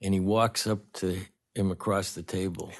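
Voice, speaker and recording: A man, a guest film director, telling anecdotes in a lively way and acting out the lines of the people in them. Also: low voice, moderate pace. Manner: animated storyteller, acts out dialogue. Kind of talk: anecdotal storytelling.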